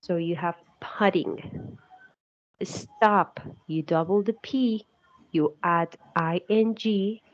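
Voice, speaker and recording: A woman narrating an English spelling lesson, slowly and carefully repeating each example. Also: on the low side, muffled recording. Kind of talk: recorded English grammar explanation.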